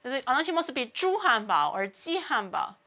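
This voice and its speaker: Bright, higher-voiced woman streamer chatting. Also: a little fast. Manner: animated storytelling, laughs often, mimics people. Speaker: VTuber streamer. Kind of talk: casual stream chat.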